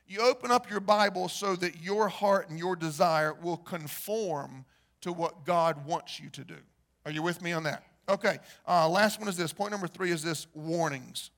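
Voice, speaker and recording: A man preaching a sermon, telling stories and acting out the people in them, building to loud emphasis. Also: high voice. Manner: storytelling, acts out quoted voices, rises to loud emphasis. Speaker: pastor.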